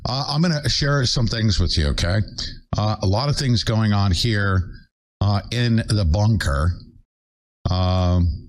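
An older man hosting his own show, ranting in a fired-up way with sudden high, loud bursts. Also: expressive, measured pace. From United States. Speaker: show host. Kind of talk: angry political livestream rant.

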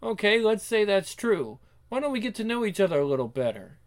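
A man's voice: sits high, very animated, fairly quick, pitched above the performer's own voice. A man voicing an earnest young superhero woman who explains herself at length.

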